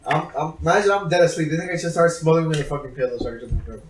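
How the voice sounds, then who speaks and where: A man's voice: a little high, lively intonation, racing, a crowd in the background. A young man in casual podcast chat, talking loosely and swearing casually. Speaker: podcast co-host. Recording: echoey room, far, noisy.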